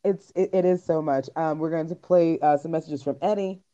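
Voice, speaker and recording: A woman's voice: deep voice, fairly even intonation, brisk, dark tone. A woman hosting a podcast in casual chat, talking bluntly and emphatically with plenty of slang. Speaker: podcast host. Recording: dull lo-fi recording.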